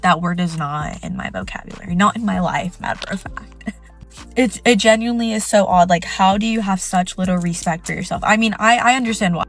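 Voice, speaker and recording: A woman's voice: fairly low pitch, fairly bright tone. A woman giving a casual, incredulous opinion rant to the camera. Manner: incredulous, drops to a whisper at the end.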